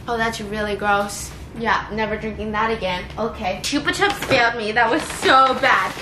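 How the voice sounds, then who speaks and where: A woman vlogger chatting casually and excitedly, exclaiming often and swearing now and then. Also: fairly high pitch, moderate pace. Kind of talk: casual vlog chat. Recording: echoey room with background noise.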